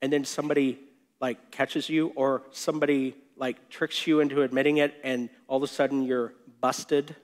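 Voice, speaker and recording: A man's voice: mid-range voice, normal speed. A man preaching a sermon in a loose, conversational way, joking with the congregation and acting out the people in the story. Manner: animated and conversational, with jokes and acted-out quotes. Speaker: pastor.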